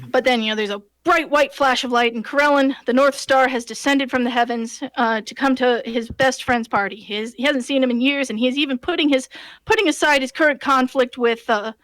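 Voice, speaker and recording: A woman game master casually retelling a tabletop session in an animated way, with many fillers and restarts. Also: high-pitched, brisk, no room sound. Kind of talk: casual storytelling.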